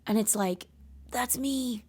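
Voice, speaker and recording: A woman's voice: on the high side, slow, darkish tone, breathy edge. A woman in her late twenties hosting a podcast, talking earnestly in a rambling, casual confessional way, full of fillers. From Canada. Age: late 20s. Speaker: podcast host.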